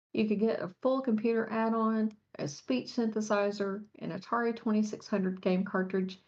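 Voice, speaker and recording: A woman's voice: medium pitch, a little mellow. A woman co-hosting a podcast, reading a horoscope in a matter-of-fact conversational way. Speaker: podcast co-host. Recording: dull lo-fi audio.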